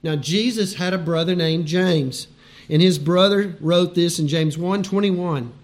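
A man's voice: high-pitched, a little slow. A man preaching a sermon in a conversational, emphatic way, with chuckles between his points.

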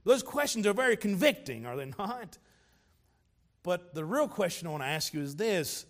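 A pastor preaches in a high, light voice. He talks earnestly and breaks off for small joking asides. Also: very animated, moderate pace. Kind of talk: sermon.

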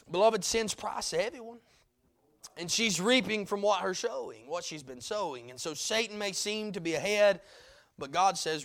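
A male preacher with a strikingly high, gravelly voice delivers a sermon. He sinks to near-hushed passages and then climbs into loud, emphatic peaks, hammering single words again and again. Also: normal speed. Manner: repeats key words for emphasis.

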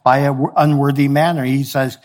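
A man's voice: medium pitch, little pitch movement, moderate pace. A man preaching a sermon in a conversational way, explaining scripture with everyday examples. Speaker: pastor.

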